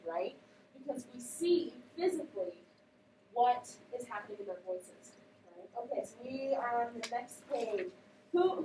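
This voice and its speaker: A woman teaching a class, questioning her students in an animated way. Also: on the high side. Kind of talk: classroom read-aloud and discussion. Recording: echoey classroom, voice from a distance, faint background noise.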